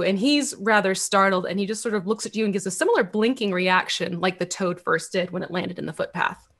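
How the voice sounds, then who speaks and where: Young woman game master, relaxed narration, quick and chatty. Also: medium pitch. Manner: quick, casual, with fillers.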